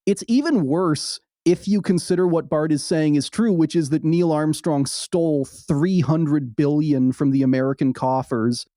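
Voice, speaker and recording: A man co-hosting a podcast, recapping a film in wry, casual chat with quick asides. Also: fairly high pitch, warm tone, no room sound, clean studio sound. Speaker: podcast co-host.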